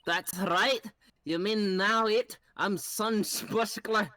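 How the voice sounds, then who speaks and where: A man's voice: sits high, fairly even intonation, slow pace, pushed and bright, no echo, voice pushed up, heavily acted. A man voicing a perky female pirate-show performer in an amateur game dub, stumbling over puns. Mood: cheerful. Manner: pun-heavy, stumbling over words.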